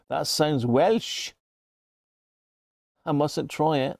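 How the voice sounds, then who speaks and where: A man's voice: on the high side, drawn-out words, gravelly, pauses often, dry recording. A man hosting a casual livestream, chatting with viewers by name and stumbling over unfamiliar words. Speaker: livestream host. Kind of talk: casual live chat.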